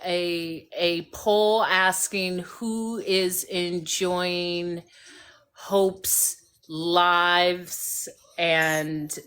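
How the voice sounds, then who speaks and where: A woman hosting a casual live stream, telling a lively story and acting out the voices of the people in it. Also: fairly low pitch, smooth. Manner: animated storyteller who acts out voices. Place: home by a fireplace.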